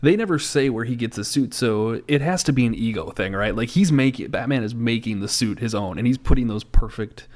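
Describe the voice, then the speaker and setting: A man co-hosting a podcast in casual movie-review chat, making wry jokes in a steady way. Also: mid-range voice, fairly quick, hardly any pauses. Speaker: podcast co-host.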